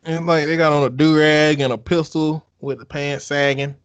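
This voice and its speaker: A man's voice: a little high, flat delivery, normal speed, clean tone. A man co-hosting a podcast in casual chat, joking, cursing freely and laughing often. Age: adult with children. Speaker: podcast co-host.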